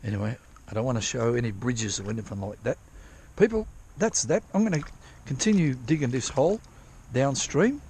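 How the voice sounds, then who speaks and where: Husky and darkish, his medium-pitched voice moves fairly quickly with few pauses as he vlogs from a drizzly dig site. He's hunting for gold and rambles along casually, cursing often and cutting himself off to restart.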